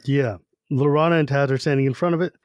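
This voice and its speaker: A man's voice: medium pitch, steady tone, fast talker, darkish tone, dry recording, dull audio. A man hosting a podcast, casually retelling a book chapter in a rambling way. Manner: rambling retelling, lots of "he's like". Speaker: podcast host.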